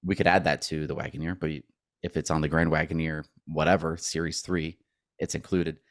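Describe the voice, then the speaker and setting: Low-voiced man in a dry podcast chat. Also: fairly quick, no room sound. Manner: animated storyteller who acts out both sides of conversations. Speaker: podcast co-host.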